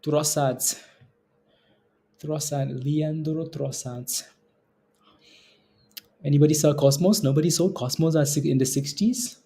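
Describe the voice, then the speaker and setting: A man's voice: a little high, brisk, hardly any pauses, warm tone. A man hosting a live stock trading stream, chatting casually with viewers and chuckling often as he comments on the market. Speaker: stock trading livestream host.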